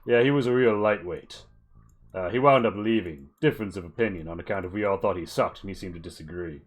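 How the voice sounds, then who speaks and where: Game master, male, low voice, casual laid-back narration. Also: fast talker.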